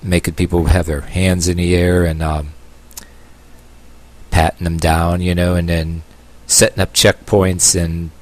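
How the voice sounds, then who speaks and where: A man from the United States talking in a rambling opinion video, halting with many fillers and restarts and dropping sarcastic asides. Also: low-pitched, little pitch movement. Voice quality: long-haired, calls himself a hippie. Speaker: vlogger.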